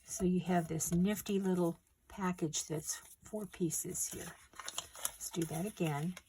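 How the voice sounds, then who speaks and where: A middle-aged woman with a slightly low voice gives gentle, unhurried instructions for a paper craft. A faint hiss sits behind her as she works on the table. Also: fairly even intonation. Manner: gentle, unhurried instructions while working with hands. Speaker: craft tutorial host. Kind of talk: step-by-step craft demonstration.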